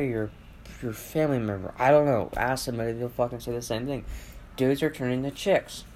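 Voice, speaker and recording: A man's voice: mid-range voice, darkish tone. A man hosting a solo podcast from home, rambling and swearing through a casual rant full of fillers and restarts. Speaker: podcast host. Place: at home with family around. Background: faint household noise, dogs and TV.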